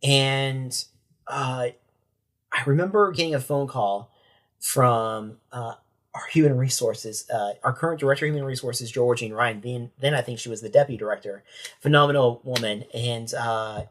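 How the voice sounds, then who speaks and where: A man's voice: mid-range voice, normal speed. A young adult man, a sheriff's corporal, giving a candid and emotional personal account as a podcast guest, often restarting his sentences.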